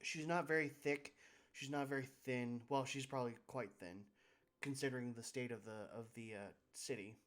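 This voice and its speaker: A man's voice: medium pitch, fairly even intonation, normal speed, fairly bright tone. A young man running a tabletop game on a live stream, narrating casually with restarts and fillers. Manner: casual, rambling, self-correcting.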